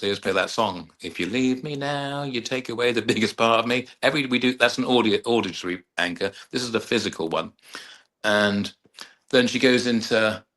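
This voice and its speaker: A middle-aged man talks in a lowish but forceful, bright voice. He rambles through stories about his clients, slipping into their voices as he goes. It sounds like a relaxed interview chat. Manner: rambling storyteller who acts out client dialogue. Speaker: hypnotherapist and mind coach, guest. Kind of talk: casual anecdotal interview talk.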